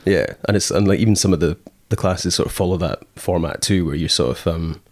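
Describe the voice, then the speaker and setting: A man's voice: sits low, fairly quick, no echo, clean studio sound. A Scottish man in casual conversation, rambling with many fillers and acting out quoted thoughts as he tells stories. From Scotland. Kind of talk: casual chat.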